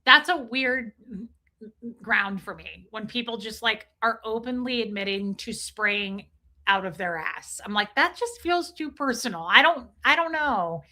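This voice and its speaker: A young adult woman telling a story in casual livestream chat, chatty and animated, greeting viewers as she goes. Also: mid-range voice, unhurried. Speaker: streamer.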